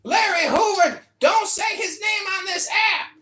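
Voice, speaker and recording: A woman hosting a live comedy stream, reading mock sponsor announcements in a sarcastic, deadpan way. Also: extremely high pitch, unhurried. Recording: roomy live-stream audio.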